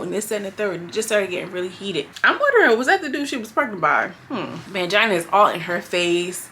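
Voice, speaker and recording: Young woman vlogger, bright edge to the voice, blunt and profane, exasperated recap talk. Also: mid-range voice, big pitch swings, fast talker, few pauses, a little hiss or hum. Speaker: reality show recap vlogger. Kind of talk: casual commentary.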